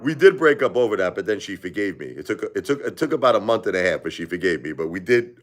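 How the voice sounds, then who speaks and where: A man's voice: sits low, very animated, fast talker, loud music behind the voice. A man hosting a live stream, telling a casual, rambling story full of asides and "you know"s. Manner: rambling, digressive, frequent "you know" and "right?".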